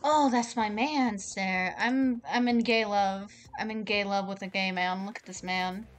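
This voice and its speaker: A woman streaming a game live, chatting in an excitable, rambling way and swearing a lot. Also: medium pitch, a little slow, soft background music.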